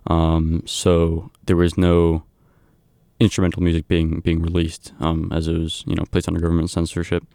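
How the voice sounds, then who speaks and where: A man working as a radio DJ, casually back-announcing songs in a halting way, with many ums and uhs. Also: deep voice, monotone, dark tone, clear, resonant tone, no room sound.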